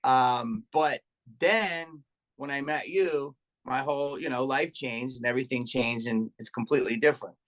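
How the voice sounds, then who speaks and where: A middle-aged man, a comedian and podcast guest, telling profane, animated stories in casual chat and acting out what people said. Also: medium pitch, normal speed. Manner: profane, animated anecdote telling with acted-out quotes.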